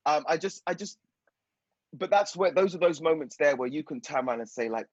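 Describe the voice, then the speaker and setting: A man's voice: a little high, lively intonation, fairly quick, no room sound, lo-fi sound. A man speaking hesitantly in a casual podcast panel discussion, restarting his sentences often. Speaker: podcast guest, poet.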